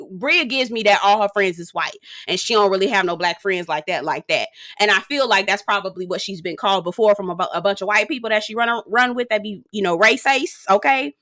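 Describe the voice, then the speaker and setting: A woman's voice: medium pitch, pushed and bright. A young woman casually recapping a reality show, sassy and profane, with dramatic asides.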